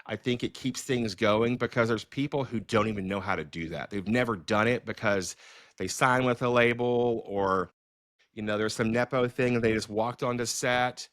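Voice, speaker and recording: A middle-aged filmmaker hosting a podcast tells stories in a casual, animated conversation, full of fillers and restarts. His voice is medium-pitched at a moderate pace, recorded dry with clean studio sound.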